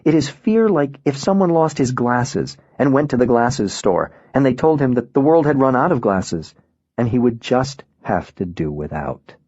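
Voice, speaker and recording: A man narrating an audiobook in a subdued, measured way. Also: mid-range voice, sing-song, a little mellow, husky, dry recording, dull audio.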